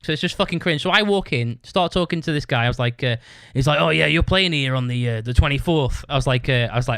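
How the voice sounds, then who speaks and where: A man's voice: on the high side, a little fast, bright, forceful tone, no room sound, studio quality. A young British man hosting his own podcast, telling a rambling, sweary story in a casual way and laughing as he talks. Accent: British English. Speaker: podcast host.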